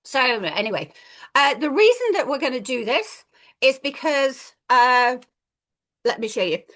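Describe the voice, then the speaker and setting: A woman's voice: sits high, sing-song, a little slow, a bit bright. A woman, a reading teacher, giving a chatty, playful training talk and acting out children's voices. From England.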